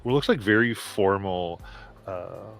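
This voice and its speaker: Low-voiced, halting game master. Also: male voice, gravelly, soft background music. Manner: halting, many filler sounds. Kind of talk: narrating a tabletop game.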